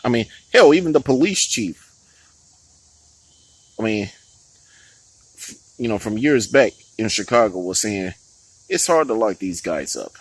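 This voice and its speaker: Man, heated profane commentary, swooping animated pitch, dry close sound. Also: a little slow, long pauses, dry recording, low-quality recording. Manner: profane, heated, with frequent laughs and restarts. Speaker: political commentary vlogger. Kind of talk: ranting political commentary.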